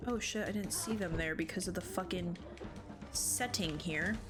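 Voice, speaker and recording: A woman's voice: on the low side, normal speed. A young woman streaming a video game, commenting casually, thinking aloud and swearing in exasperation. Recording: game music behind her voice. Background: game music.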